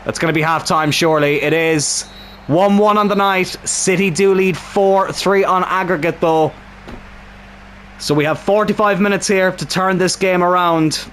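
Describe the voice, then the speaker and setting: A young man commentating his own football video game match, excitable and swearing at the screen, with a strained throat. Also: sits high, normal speed, slight background noise.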